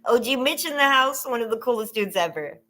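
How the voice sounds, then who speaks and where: A woman's voice: fairly high pitch, expressive, fairly quick, pushed and bright, slight background noise. A woman from California hosting a casual trivia livestream, chatty and giggling often as she reads questions and talks to viewers.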